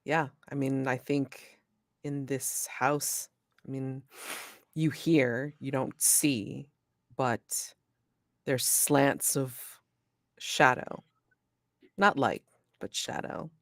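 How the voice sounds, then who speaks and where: Very low, slow-talking woman. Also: fairly even intonation, dry recording, studio quality. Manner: hesitant, halting. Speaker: player. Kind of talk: tabletop role-play narration.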